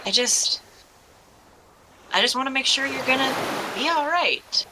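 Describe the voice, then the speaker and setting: A woman doing a young man in his late teens, nervous, hesitant, stammering, higher pitch. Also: animated, unhurried, background noise. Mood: anxious.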